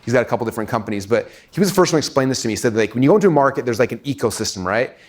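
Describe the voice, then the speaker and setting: An American man talks to a live audience at a quick clip. His delivery is loose and conversational, peppered with "like" and "right?". His pitch sits in an ordinary middle range. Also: expressive. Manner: fast, casual, full of "like" and "right?". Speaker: speaker teaching marketing to an audience. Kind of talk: live seminar talk.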